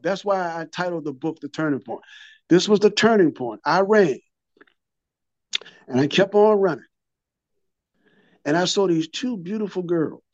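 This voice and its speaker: A man's voice: on the high side, no room sound, highs cut off. A man in his fifties or older, telling his recovery story in an interview, a vivid storyteller who repeats and restarts his words and acts out what people said.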